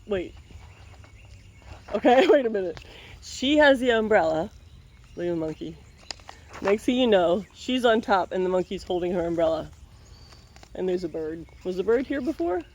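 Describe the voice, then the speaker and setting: Lady reading a kids book out loud, joking around between pages, mid-pitched voice. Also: expressive, normal speed, long pauses, slight background noise. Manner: playful, wry running commentary. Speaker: picture book reader. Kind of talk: reading a picture book aloud with joking asides.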